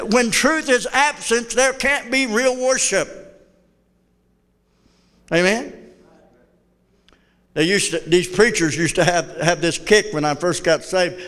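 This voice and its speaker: Fervent high-voiced male preacher. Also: unhurried, a bit bright, clean tone. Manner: fervent, calls out to the congregation. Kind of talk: sermon. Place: church hall. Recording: reverberant church hall.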